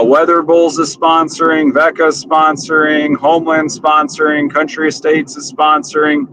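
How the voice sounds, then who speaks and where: A man calling in while driving, giving a quick friendly sales rundown of his business. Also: fairly high pitch, a bit bright, a little hiss or hum, poor audio. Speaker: caller, business owner. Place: in a moving car. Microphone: phone or call from the car.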